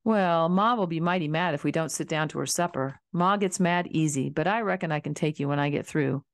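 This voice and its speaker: A woman's voice: low-pitched, fairly quick, no room sound, studio quality. A woman voicing an easygoing bearded farmer who talks in a plain rural drawl. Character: easygoing bearded male farmer, father of boys.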